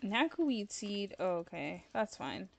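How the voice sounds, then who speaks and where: A woman's voice: mid-range voice, sing-song, unhurried, creaky. A woman chats casually while she plays a game live on stream. She rambles, fills her sentences with "like", and sounds tired and yawny late at night. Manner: chatty and rambling, many fillers of "like".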